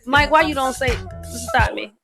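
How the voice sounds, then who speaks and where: A woman's voice: high-pitched, normal speed, gravelly, a bit bright, faint music behind. A woman hosting a talk radio show in a blunt, talkative and joking way, speaking into a studio microphone. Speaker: radio host. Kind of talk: casual talk radio chat.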